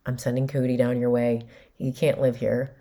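A woman in her forties hosts a podcast and tells a personal family story. She speaks in a low voice, candid and emotional, and acts out what each person said. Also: little pitch movement, moderate pace, dark tone. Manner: candid, emotional retelling with quoted dialogue. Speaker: podcast host.

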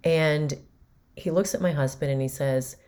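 A woman in her forties hosts a podcast and tells a personal family story. She speaks in a low voice, candid and emotional, and acts out what each person said. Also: normal speed, a little mellow. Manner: candid, emotional retelling with quoted dialogue. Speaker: podcast host.

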